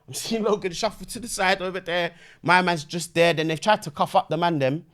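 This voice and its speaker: High-voiced young man with slang. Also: brisk. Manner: slangy, acts out voices with shouts and sound effects. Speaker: podcast guest. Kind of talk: animated storytelling in casual chat.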